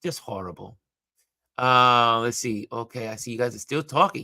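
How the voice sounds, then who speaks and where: A man's voice: medium pitch, normal speed, bright, forceful tone, no echo. A man hosting a casual live stream, chatting about the news and greeting viewers by name, with frequent restarts and asides. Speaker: livestream host.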